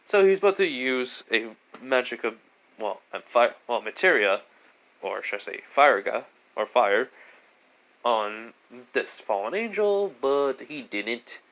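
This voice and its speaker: A man's voice: mid-range voice, sing-song, unhurried, fairly bright tone. A man casually improvising a fan story, rambling with lots of fillers and restarts.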